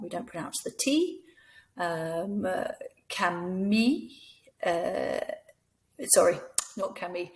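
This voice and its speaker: A middle-aged woman teaches language in a patient, encouraging way, spelling out sounds carefully. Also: mid-range voice. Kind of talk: slow, clear classroom instruction.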